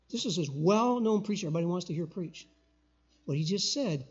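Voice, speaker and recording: An older man preaching a sermon as a guest pastor in a church, emphatic, with loud call-and-response bursts. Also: high-pitched, expressive, fast, husky, lo-fi sound. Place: church sanctuary.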